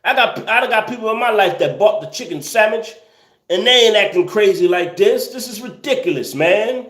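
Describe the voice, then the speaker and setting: A man's voice: sits high, animated, moderate pace, fairly bright tone, roomy sound. A man hosting a casual livestream, reading viewer comments and ranting with incredulous laughter and slang.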